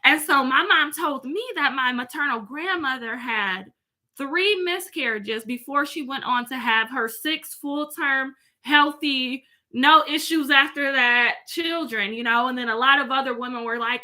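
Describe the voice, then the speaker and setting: A woman's voice: high-pitched, moderate pace, bright, forceful tone. A woman, chatting casually from home straight to her viewers and reading out their comments. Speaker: vlogger.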